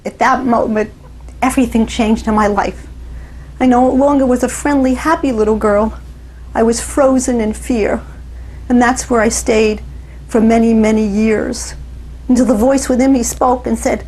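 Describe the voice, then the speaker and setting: A woman author telling her life story as a dramatic, deliberate first-person monologue. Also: on the high side, fairly even intonation, a little mellow, slight background noise.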